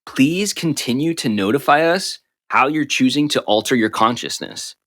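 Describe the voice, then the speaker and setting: A man's voice: mid-range voice, animated, normal speed, fairly bright tone. A man co-hosting a podcast in casual comedic chat, joking around and slipping into mock-formal phrasing. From United States. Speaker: podcast co-host.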